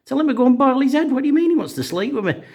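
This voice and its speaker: A man's voice: very high-pitched, sing-song, very fast, darkish tone, voice pushed up, full character voice. A man voicing an outraged young bride, indignant and swearing constantly.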